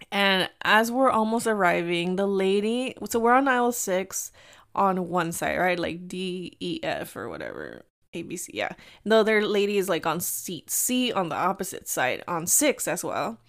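Mexican-american woman in her 30s, chatty podcast host telling a trip story, switches into spanish sometimes. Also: mid-range voice. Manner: chatty, animated, slips into Spanish. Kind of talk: casual storytelling chat.

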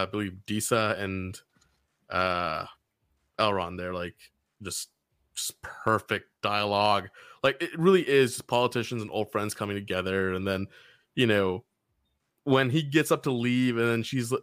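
A man co-hosting a podcast in casual chat, playful and quick to laugh. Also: on the low side, a bit bright, smooth, no echo, clean studio sound. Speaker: podcast co-host.

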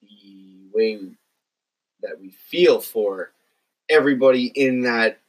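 A man talking casually about a film on a podcast, rambling and halting with many fillers. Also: medium pitch, low-quality recording. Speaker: podcast guest.

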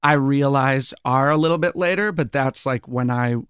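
A man's voice: mid-range voice, moderate pace, fairly bright tone, clear, resonant tone, dry recording, clean studio sound. A man in casual podcast chat, retelling scenes animatedly and acting out bits of dialogue. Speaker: podcast panelist.

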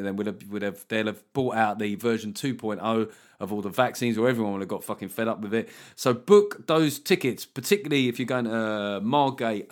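A man hosting a podcast, chatting casually and joking, swearing and slipping into mock voices. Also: medium pitch. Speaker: podcast host. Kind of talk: casual comedic chat.

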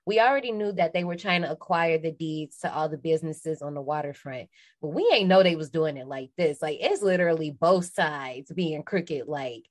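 Woman, twenties, podcast co-host, casual slangy recap, laughs often, lowish voice. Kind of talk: casual movie recap chat.

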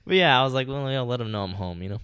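A young man with a middle-pitched voice tells a long story on a podcast. He rambles loosely and swears often, leaning on "like" and "you know". The sound is dry and close on the mic. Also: racing, sharp tone, smooth, dry recording. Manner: rambling, profane, heavy use of "like" and "you know". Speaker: podcast co-host. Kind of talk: casual storytelling chat.

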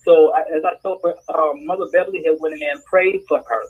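A woman's voice: deep voice, steady tone, fast talker, slightly rough, lo-fi sound. An older woman telling an emotional testimony on a church prayer call over the phone, breaking into praise. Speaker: prayer line participant.

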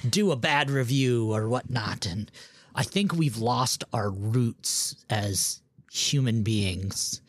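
A man's voice: medium pitch, takes it slowly, no echo. A man co-hosting a comedy podcast, rambling and playful in casual banter. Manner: rambling, playful, laughs often. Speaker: podcast co-host.

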